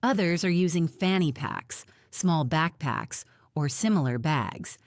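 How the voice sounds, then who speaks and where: A woman narrating a first-person audiobook in a steady, reflective way. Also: low voice, measured pace, dry recording, clean studio sound.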